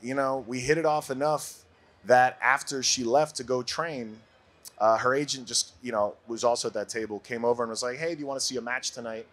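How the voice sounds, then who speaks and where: A man in his forties from Brooklyn, a podcast guest telling a story in a casual, animated way and laughing often. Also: mid-range voice, fairly quick. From Brooklyn, USA.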